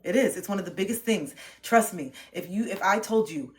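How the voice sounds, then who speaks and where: A woman's voice: medium pitch, expressive, fairly quick, hardly any pauses. A young woman livestreaming an intense motivational pep talk, preachy and full of swearing.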